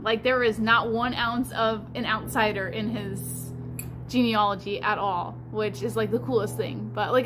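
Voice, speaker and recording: A woman hosting a livestream in casual chat, rambling along with lots of fillers like "like". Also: on the high side. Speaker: livestream host.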